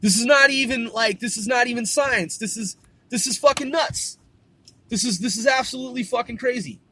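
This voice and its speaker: A man's voice: extremely high pitch, takes it slowly, bright, forceful tone, a little hiss or hum, voice pushed up, exaggerated voice. A man voicing an imagined skeptical listener who reacts with exasperated disbelief. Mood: incredulous. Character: incredulous skeptical male listener.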